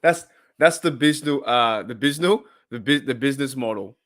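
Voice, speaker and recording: A man's voice: mid-range voice, fairly quick, fairly bright tone. An Australian man in his thirties hosting a fan livestream, chatting casually with viewers in a rambling, laid-back way and repeating himself often. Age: 30s.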